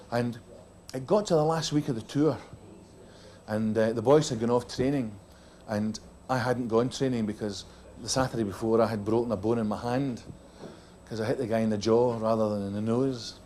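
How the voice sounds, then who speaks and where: A man's voice: mid-range voice, mellow, a little hiss or hum. A middle-aged man with a Scottish accent telling a comic story from a rugby tour, acting out the other voices as he goes. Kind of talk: comic after-dinner storytelling.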